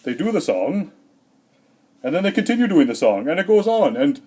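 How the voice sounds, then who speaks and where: A man doing a rambling, deadpan comedic monologue in character as Santa, hesitant and full of fillers, a little out of breath. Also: fairly high pitch, moderate pace, slightly rough. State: slightly out of breath.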